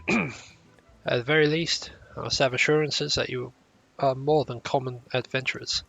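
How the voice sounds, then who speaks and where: A man doing a stern, gravelly old sea captain. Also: mid-range voice, steady tone, normal speed, a bit bright, faint music behind, poor audio. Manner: formal old-fashioned speech, stumbles over words.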